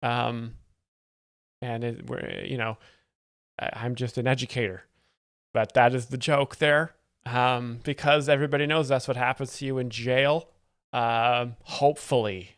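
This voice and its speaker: A man's voice: mid-range voice, little pitch movement, measured pace, a bit bright, clear, resonant tone, no room sound. Man, young adult, ironic rambling host, dead dry sound. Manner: ironic, rambling, fake-earnest. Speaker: live-stream host. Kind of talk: mock-expert comedy commentary.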